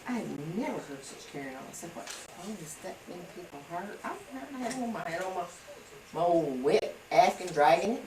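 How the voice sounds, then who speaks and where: A woman with a low voice tells a rambling story at home. She acts out everyone's lines as she goes. She is heard from across an echoey room on a home video, with steady noise behind her. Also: a little fast. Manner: rambling, acts out quoted dialogue. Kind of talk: casual storytelling. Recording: roomy home video from a distance, background noise.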